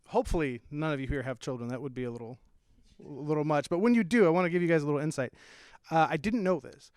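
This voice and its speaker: High-voiced young man doing stand-up. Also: smooth, dry recording. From small town south of the Bay Area, California. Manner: lively, playful, shifts into character voices. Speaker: stand-up comedian. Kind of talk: stand-up comedy set.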